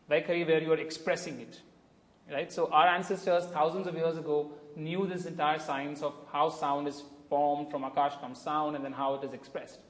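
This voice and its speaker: A man with an Indian English accent, a communication coach explaining ideas emphatically with spoken examples. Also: fairly high pitch. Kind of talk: interview answers, explanatory. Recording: echoey room with long reverb.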